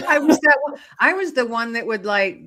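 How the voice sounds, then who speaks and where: Lively, bright-voiced woman telling stories. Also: a little high, unhurried. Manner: animated, acts out voices in her stories, laughs often. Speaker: guest author. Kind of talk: casual storytelling interview.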